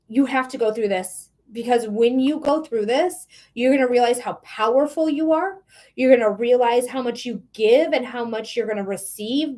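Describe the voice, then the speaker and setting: A woman's voice: high voice, darkish tone. A woman giving a live-streamed tarot reading, chatty and frank, swearing casually as she talks. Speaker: tarot reader.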